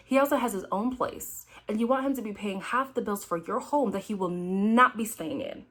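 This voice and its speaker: A frank, chatty woman talks straight to her viewers as she recaps an episode. Her pitch sits in a middling range and her delivery stays conversational and direct. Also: moderate pace, fairly bright tone. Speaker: recap host. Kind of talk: casual reaction commentary.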